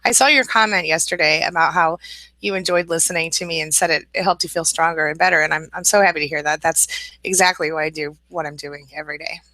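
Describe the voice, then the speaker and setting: A woman from the American Midwest hosting a casual live stream, reading viewer comments aloud and answering them in a warm, reassuring, chatty way with fillers and repeats. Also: low-pitched, steady tone, fast, no room sound, rough recording.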